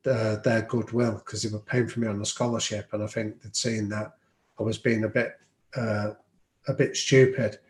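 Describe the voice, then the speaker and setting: Man, mid-pitched voice, reflective storyteller, lots of ums, echoey room. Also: darkish tone. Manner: reflective, anecdotal, frequent ums. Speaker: podcast guest. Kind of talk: storytelling in an interview. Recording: roomy echo.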